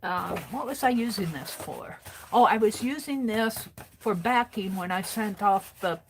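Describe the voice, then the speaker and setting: Female craft streamer, unhurried, half-talking to herself, noisy desk recording. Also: medium pitch, lively intonation. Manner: chatty, talking to herself while tidying and sewing. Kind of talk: casual craft livestream chat.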